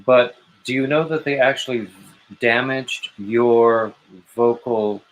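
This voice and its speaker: A man hosting a live stream, talking in a measured, explanatory way with some wry humor. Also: mid-range voice, rough recording. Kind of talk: casual chat.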